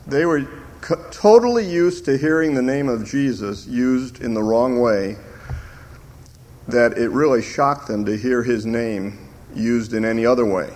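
An older man delivers a sermon at an unhurried pace. He stresses single words and lifts his voice for scripture. His pitch sits in the ordinary middle for a man. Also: a little mellow. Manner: slow, emphatic preaching that rises on scripture quotes. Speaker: pastor.

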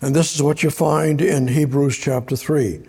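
A man's voice: on the high side, steady tone, moderate pace, a little mellow, breathy edge. A man preaching a sermon, reading scripture aloud in a conversational, repetitive way. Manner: conversational, repeats words, reads scripture aloud. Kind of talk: sermon, Bible study.

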